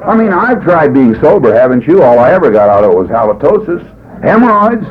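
A man's voice: fairly high pitch, sing-song, a little fast. A man speaking at a recovery meeting, telling his story in a rambling, folksy way with wry humor. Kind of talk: personal testimony talk. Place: meeting room. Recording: tinny lo-fi tape with faint hiss.

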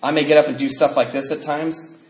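A middle-aged man telling his personal recovery story at a meeting, emotional and swinging from loud to quiet. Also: a little high, level tone, brisk. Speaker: speaker sharing at a recovery meeting. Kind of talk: personal testimony talk. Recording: echoey room.

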